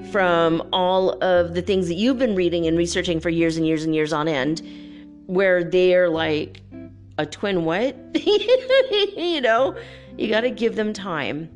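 A woman giving casual relationship advice in a chatty, rambling monologue, laughing often and filling pauses with "you know". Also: on the low side.

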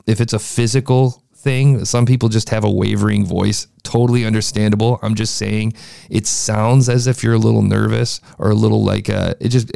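A young man talks through a podcast review in a loose, chatty way, often restarting his sentences. His voice is gravelly and dark. The sound is dry and close. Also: on the low side, no echo. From United States. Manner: chatty, frequent restarts and fillers. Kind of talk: casual critique commentary.

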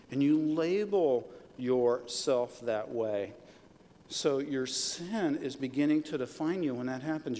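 A pastor preaching a sermon in a conversational way, rising to emphatic peaks, in a church sanctuary. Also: male voice, a little high, dark tone. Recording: long reverb of a large hall.

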